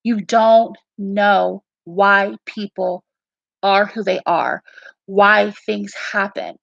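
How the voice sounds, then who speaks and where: Extremely slow and marked by vocal fry, this woman's medium-pitched voice holds a steady tone as she earnestly lays out her beliefs and dreams as a fan. In this casual talk she's emphatic, repeats herself and restarts sentences, and the recording is muffled with no room sound.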